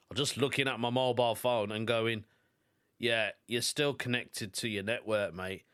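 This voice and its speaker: A man's voice: medium pitch, a bit bright. British male podcast host, chatty solo rambler, mid-range voice. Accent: British English. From United Kingdom. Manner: chatty, rambling anecdotes with put-on quoted voices. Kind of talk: casual solo podcast chat.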